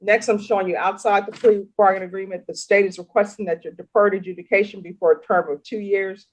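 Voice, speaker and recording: A woman's voice: medium pitch, fairly even intonation, fast, a little mellow, rough recording. A woman judge conducting a formal court hearing over video, firm and corrective in manner.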